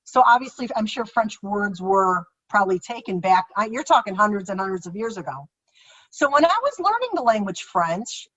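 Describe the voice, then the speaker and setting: Woman children's author, chatty and animated, mid-pitched voice, slightly muffled podcast audio. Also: moderate pace, breathy edge. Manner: animated, excitable storyteller who voices her own past reactions. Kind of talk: casual conversational storytelling.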